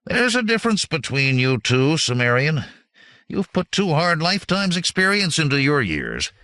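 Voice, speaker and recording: A man's voice: a little high, big pitch swings, normal speed, pushed and bright, no echo, pitched above the performer's own voice. A man reading a drunken failed male mage in a fantasy audiobook, rambling and derisive. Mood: mocking.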